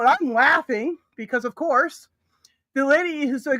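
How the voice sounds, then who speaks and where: A woman's voice: sits high, fairly quick, sharp tone, no echo. A woman hosting a livestream, telling stories in a casual chat, laughing often and acting out the quoted people. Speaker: livestream host.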